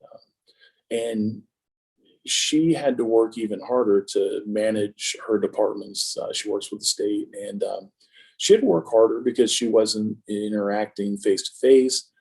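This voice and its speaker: A man in his fifties with a low, gravelly, husky voice, speaking as an interview guest. He tells stories about his own life with a joking, self-mocking humor. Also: unhurried, darkish tone, rough recording. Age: 50s. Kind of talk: casual conversation.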